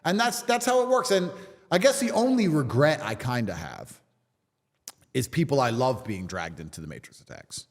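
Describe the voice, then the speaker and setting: A man's voice: medium pitch, lively intonation, moderate pace, in a large hall. A man in a casual podcast conversation, talking in a defiant, emphatic way and swearing freely. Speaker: podcast guest.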